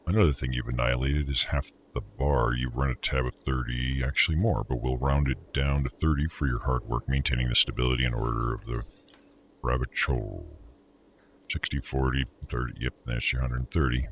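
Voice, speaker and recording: A man's voice: extremely low pitch, fairly even intonation, a little fast, a little hiss or hum. A man voicing an exasperated middle-aged male hotel manager in a video game, reading the dialogue aloud. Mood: lecturing. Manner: exasperated, counting out a bill.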